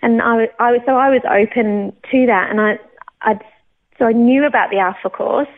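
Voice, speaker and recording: A woman from England, telling her personal faith testimony in an animated way, laughing often and acting out her own thoughts. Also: a little high, normal speed. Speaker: churchgoer sharing her testimony. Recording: tinny phone-like sound.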